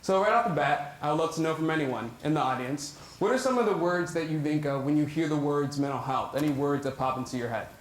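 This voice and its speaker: A man's voice: fairly high pitch, fast, few pauses. A young man giving a casual, joking talk to a live audience as a public speaker. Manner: joking, self-deprecating, chatty. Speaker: public speaker on mental health. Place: large echoey hall with audience. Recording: echoey hall, crowd and noise faint.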